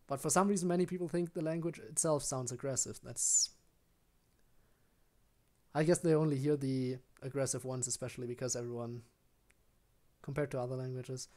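A man's voice: medium pitch, steady tone, moderate pace, long pauses, a little mellow. A young man chatting casually with his viewers while he streams a game. He rambles, often restarts his sentences and answers questions from chat.

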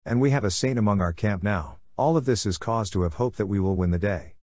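An earnest young female scholar argues with hope and urgency, as a man reads her lines. The voice stays low and plain. It is recorded dry and close. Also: brisk, a little mellow, dry recording, natural voice.

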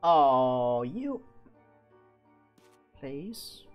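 Man, gamer, panicky and swearing, very lively pitch, unhurried, soft music underneath. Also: muffled recording. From Sweden. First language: Swedish. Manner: panicky, swearing, yelling at enemies. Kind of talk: let's-play commentary.

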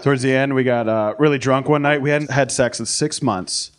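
A man doing a crude, brash stand-up comedy set on a club stage, shouting out the voices he acts out. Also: mid-range voice, a little fast. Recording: live club recording, crowd laughter.

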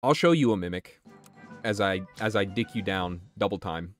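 A man's voice: on the low side, expressive, moderate pace, faint music behind. A man streaming a game, talking casually and swearing while he answers his chat. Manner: chatty and profane, answering chat. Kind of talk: casual gameplay commentary.

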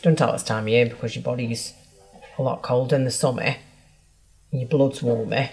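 A woman with a very low voice chats as a salon client. Her humor is dry and blunt, and she teases in a deadpan way. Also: a little fast, poor audio. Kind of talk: casual chat.

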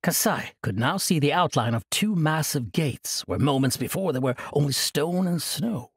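A man narrating a fantasy audiobook in an expressive storytelling manner. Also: on the high side, moderate pace, breathy edge, no room sound, clean studio sound.

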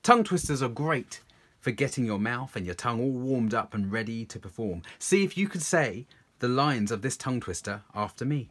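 A man performing poems aloud for children, theatrical, swinging from loud calls to hushed whispers. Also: mid-range voice, animated. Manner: slow and deliberate. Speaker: children's poet reading to kids. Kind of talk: performed poetry reading for children.

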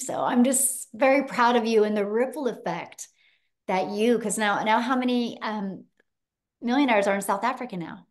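A woman with a fairly high voice hosts a live video call, gushing with praise for her guests. She speaks to her viewers casually and warmly, full of "you guys" and pride. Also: moderate pace. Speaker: host and business coach. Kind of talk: live-stream chat with clients.

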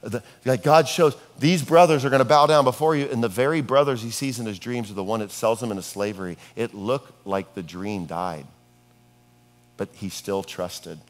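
Middle-aged male pastor, casual storyteller with dark humor, mid-pitched voice, long hall reverb. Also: normal speed. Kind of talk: sermon.

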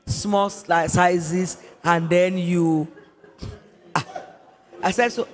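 A woman's voice: on the low side, fairly even intonation, extremely slow, long reverb tail. A woman pastor with a Nigerian accent telling a story in a sermon, repeating phrases for emphasis.

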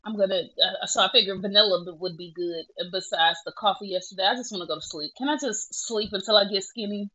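Chatty woman, bright lo-fi voice. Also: medium pitch, quick pace, few pauses, husky. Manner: chatty, self-mocking, laughing through tears. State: tearful at times. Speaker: vlogger. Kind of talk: casual selfie vlog.

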